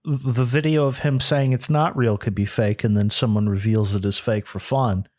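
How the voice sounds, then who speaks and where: A man's voice: mid-range voice, fairly even intonation, moderate pace, darkish tone, no echo, studio quality. A man co-hosting a podcast in casual chat, rambling and restarting often. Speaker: podcast co-host.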